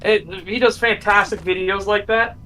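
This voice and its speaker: A man streaming a game and chatting casually, excitable and swearing freely. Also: high-pitched, normal speed, a little hiss or hum, rough recording. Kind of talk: casual gaming chat.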